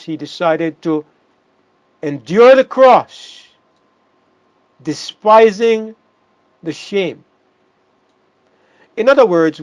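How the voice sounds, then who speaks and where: A man delivers a sermon in a high voice, stressing key words and circling back over his phrases. The sound is dry and a little muffled. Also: a little mellow, dry recording. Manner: emphatic, repeats words and restarts phrases. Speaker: preacher.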